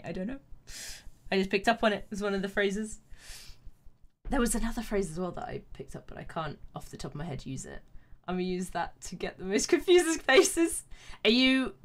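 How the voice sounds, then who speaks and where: A woman's voice: medium pitch, a little hiss or hum. A woman from chats casually on her live stream, breaking into giggles often. Her voice sits mid-range but bounces around a lot. A lingering cough catches her now and then. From southern England. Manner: giggly, chatty, talks to her cats and chat. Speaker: game streamer.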